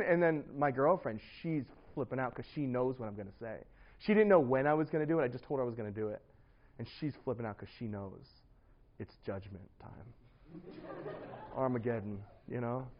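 A man's voice: medium pitch, muffled recording. A man preaching, telling a personal story with lots of fillers and bursts of laughter.

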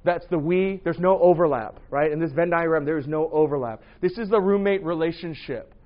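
A loud, animated man in his thirties gives a casual sermon, breaking into joking asides. His voice sits a little high for a man. The recording sounds dull and lo-fi. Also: a little fast. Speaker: preacher. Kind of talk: casual sermon to young adults.

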